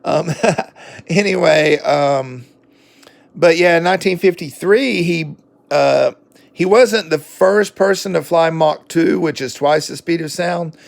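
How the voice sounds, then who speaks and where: Southern man, book-review vlogger, slightly high and gravelly, chatty and rambling. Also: slow pace. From southern United States. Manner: rambling, folksy, with many fillers and self-corrections. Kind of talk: casual book review vlog.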